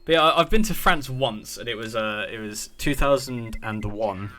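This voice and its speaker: A man's voice: medium pitch, moderate pace, pushed and bright. A man in his thirties from the UK casting an esports match alone, chatty and talking to his stream chat between plays. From United Kingdom. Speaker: esports caster. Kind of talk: solo play-by-play game commentary.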